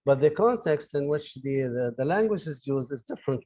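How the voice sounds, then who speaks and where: This fairly high-pitched male professor from Libya, whose first language is Arabic, delivers an online lecture from his office with lively intonation at a brisk pace. He hesitates a lot, with many fillers and restarts, and the highs are cut off in the audio.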